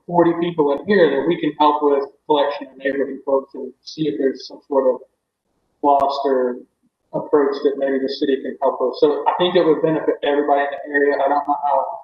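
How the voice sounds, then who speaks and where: A man presenting his development project at a public meeting over a video call, talking loudly in a rambling way and running out of breath. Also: a little high, flat delivery, a little fast, slight background noise. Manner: rambling, loud, many restarts. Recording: echoey, dull video call audio.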